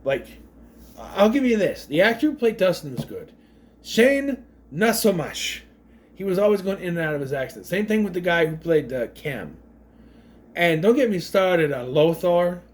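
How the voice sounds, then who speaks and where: A man's voice: high voice, big pitch swings, moderate pace. A man giving a casual, rambling recap of a movie, wandering off on tangents and briefly mimicking the characters. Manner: mimics characters' voices mid-story. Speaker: movie reviewer.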